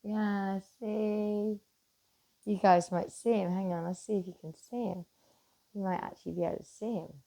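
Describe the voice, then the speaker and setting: A middle-aged woman chatting casually to camera, animated and swearing freely, swinging from loud bursts to hushed asides. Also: mid-range voice, normal speed, creaky. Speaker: vlogger.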